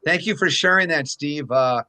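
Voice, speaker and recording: Male host, earnest rambler, bright and forceful. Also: on the high side, normal speed. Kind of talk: casual talk show chat.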